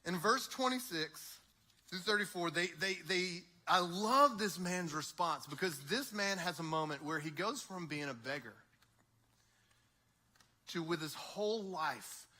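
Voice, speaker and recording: A young man preaching an energetic youth sermon, acting out voices in quick back-and-forth dialogue. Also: sits high. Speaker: youth pastor.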